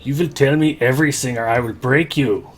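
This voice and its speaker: A man doing an impression of a gruff action-movie strongman, barking clipped commands. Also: medium pitch, brisk, close to an everyday voice.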